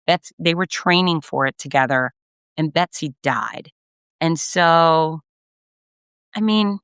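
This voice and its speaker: A middle-aged woman recaps her weekend as a race announcer, effusive and animated, acting out every quote. Her voice is bright and crisp. It is recorded dry and close with no room sound. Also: low voice, dry recording. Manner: effusive, animated storyteller who acts out quotes. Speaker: race announcer and podcast host. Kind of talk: casual storytelling recap.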